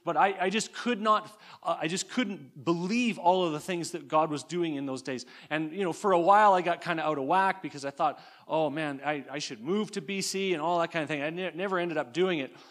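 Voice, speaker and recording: A man's voice: fairly high pitch, fairly quick, few pauses, fairly bright tone. A middle-aged man from Alberta preaching a sermon in an earnest, fervent way, often restarting and repeating words. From Alberta, Canada. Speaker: guest preacher.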